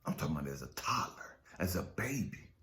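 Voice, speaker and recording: A man giving a raw, profane spiritual testimony as a coach, swinging between shouting and whispering. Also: a bass voice, big pitch swings, brisk. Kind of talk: emotional personal testimony.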